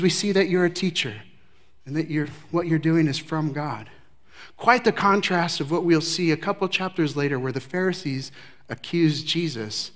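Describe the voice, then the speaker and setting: A man preaching a sermon verse by verse, emphatic, with his voice swinging from loud declarations to hushed remarks. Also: fairly high pitch. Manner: emphatic, varies loudness widely, drops to hushed tones. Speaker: pastor. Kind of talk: expository sermon.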